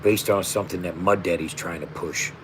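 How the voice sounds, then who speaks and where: A man's voice: low-pitched, fairly even intonation, brisk, a bit bright, slight background noise. A man in his fifties, a rapper and founder, speaking straight to camera in a heartfelt, emphatic monologue full of slang and repeated asides. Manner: emphatic, repetitive, street slang, emotional.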